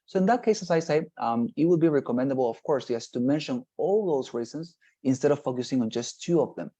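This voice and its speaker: A man's voice: mid-range voice, expressive, quick pace, dark tone, muffled recording. A man teaching an online exam-prep class over a video call, explaining at length and checking in with the students. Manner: explanatory, repeats "nonetheless" and "right?".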